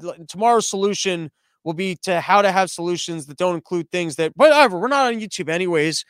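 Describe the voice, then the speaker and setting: A man's voice: high voice, a little fast, fairly bright tone, clear, resonant tone, no room sound, clean studio sound. A man hosting a satirical news podcast, talking in a sarcastic, rambling, mock-serious way. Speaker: podcast host.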